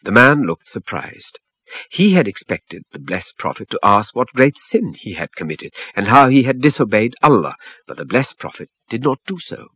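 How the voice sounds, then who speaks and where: Husky man narrating a solemn story. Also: medium pitch, very animated, moderate pace, a bit bright, no room sound.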